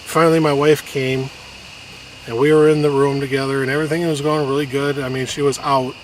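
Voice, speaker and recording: A man telling an emotional personal story in a halting way, with many restarts, and getting choked up at times. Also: medium pitch, flat delivery. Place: outdoors on a hiking trail. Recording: noisy outdoor recording.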